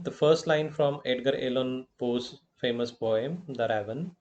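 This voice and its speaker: Slow, halting Indian English male lecturer. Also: medium pitch, a little mellow, highs cut off. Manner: deliberate, halting, with fillers and self-corrections. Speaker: college professor. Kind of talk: slow lecture on poetic meter.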